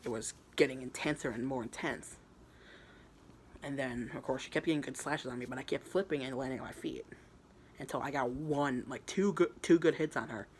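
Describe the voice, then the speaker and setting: A man's voice: medium pitch, a little fast, slight background noise. A man casually retelling his own fan fiction story, rambling and crude, often stumbling and restarting his words.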